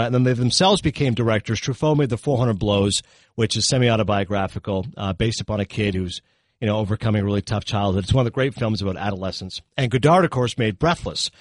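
A middle-aged man chats his way through a round of film reviews, animated and quick with asides. His voice sits at an ordinary middle pitch and comes through close and dry, with no room around it. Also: no echo. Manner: chatty, animated, quick asides and self-corrections. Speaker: film reviewer on a talk show. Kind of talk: casual film review chat.

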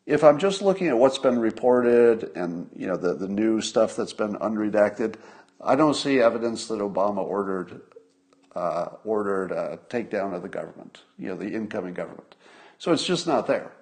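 A man's voice: on the low side, lively intonation, normal speed, darkish tone. An older man giving solo commentary to his viewers in a conversational way, repeating points for emphasis and asking rhetorical questions. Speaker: host of a commentary stream.

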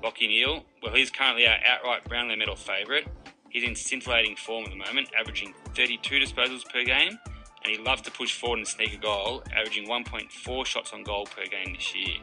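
A man reading a scripted betting tip in a brisk promotional voice. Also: lowish voice, fairly even intonation, sharp tone, faint music behind, poor audio. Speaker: betting tipster. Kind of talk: scripted ad read.

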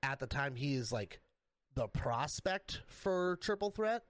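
A man's voice: medium pitch, big pitch swings, a little slow, no room sound. A young man co-hosting a casual wrestling podcast who laughs often and acts out what people said. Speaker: podcast co-host. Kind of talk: casual chat.

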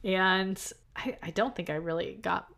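A woman's voice: medium pitch, measured pace, gravelly, a bit bright. Woman co-host, chatty and giggly, casual podcast banter, mid-range voice. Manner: giggly, laughs between remarks. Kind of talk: casual movie discussion.

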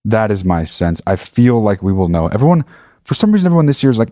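A man rants to his listeners in a casual monologue, swearing freely and hammering his points home. His voice sits low, and the recording is dry with no room sound. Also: fast, no room sound. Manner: profane, emphatic, animated. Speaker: podcast host.

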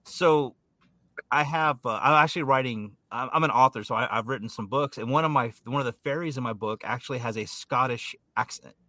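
A man co-hosts a casual podcast with a bright, forward voice, recorded dry and close. He jokes easily and stumbles over his words as he talks. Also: mid-range voice, brisk, no echo. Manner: joking, chatty, trips over his words. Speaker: podcast co-host. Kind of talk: casual chat.

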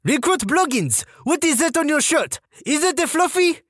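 A prim, shrill drill sergeant with a French-Canadian accent barks about fuzz in drawn-out, mock-stern phrases, a man acting her out. The voice leaps far above a normal speaking range. It is recorded dry and close. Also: sing-song, fairly bright tone, no room sound, exaggerated voice. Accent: French-Canadian, put on.

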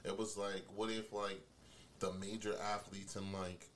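Low-voiced man, rambling slangy chat. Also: level tone, unhurried, a bit bright, slight background noise. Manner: profane, rambling, slang-heavy. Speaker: podcast guest. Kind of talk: casual podcast chat.

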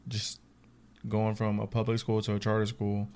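A man's voice: fairly low pitch, monotone, moderate pace, darkish tone. Young man casually questioning a friend. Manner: teasing, questioning, casual slang. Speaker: podcast host. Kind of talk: casual interview chat.

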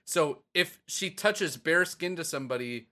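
A man in casual podcast chat, excitedly and profanely retelling a story to his co-host. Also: fairly high pitch, a little slow.

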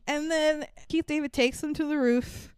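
A woman co-hosting a podcast, casually recapping a movie in animated talk, swearing freely and acting out lines. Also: high voice, moderate pace, no room sound, studio quality. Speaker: podcast co-host.

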